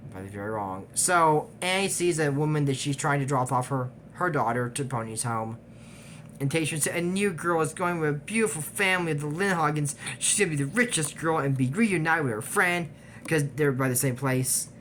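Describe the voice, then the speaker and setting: A man recapping an animated series in a casual, digressive way, trailing off with fillers and little laughs. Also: a little high, a little fast, slight background noise. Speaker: YouTube recap host. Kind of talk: casual rambling episode recap.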